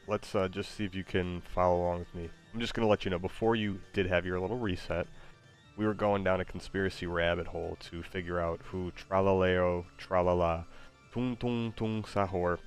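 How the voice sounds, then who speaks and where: A man hosting a stream in casual chat, goofy and playful, often hesitating with uhs. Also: deep voice. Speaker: streamer host.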